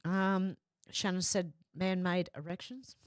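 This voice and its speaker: Woman, live stream host, reads chat aloud, casual asides, slightly low voice, dry close sound. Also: slow pace, smooth, dry recording. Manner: chatty, reads comments in a flat running voice with asides. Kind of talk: casual chat reading viewer comments aloud.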